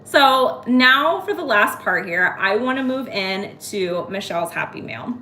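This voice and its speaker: A woman in her thirties hosting a casual live-stream haul, chatty and excitable as she talks to viewers by name. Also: medium pitch, unhurried, noisy background. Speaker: host. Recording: echoey room.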